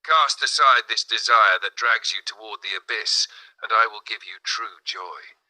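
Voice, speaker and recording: A man voicing a gentle divine inner voice. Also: fairly low pitch, unhurried, poor audio. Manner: gentle yet piercing, calm.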